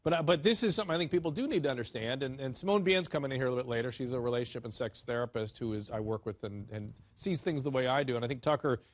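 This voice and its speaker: A man hosting a talk show, a doctor who speaks briskly in quick bursts with restarts. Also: medium pitch, lively intonation.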